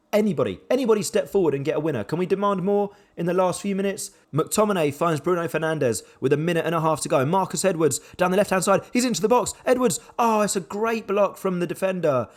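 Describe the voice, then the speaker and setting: A young man commentates a football management game from his own save, calling the action in a fairly high voice. He talks with animated swings between excitement and dejection, quick to exclaim and quick to deflate. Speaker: gaming YouTuber.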